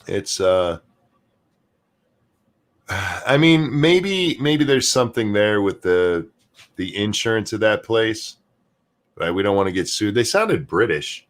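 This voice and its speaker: A man's voice: fairly low pitch, animated, slow, pauses often. A man hosting a casual talk show, blunt and joking. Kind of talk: casual chat.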